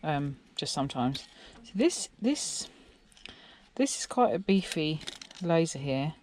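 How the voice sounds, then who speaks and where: An English woman who scraps electronics on video gives rambling, casual narration during a teardown, asking viewers questions. Her deep voice swings widely in pitch and moves slowly, with noise in the background.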